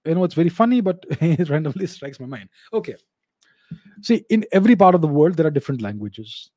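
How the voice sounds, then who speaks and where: A man's voice: a little high, sing-song, brisk, warm tone, no echo, studio quality. A man, hosting his channel and answering viewer questions in an emphatic monologue that often repeats and restarts phrases. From India.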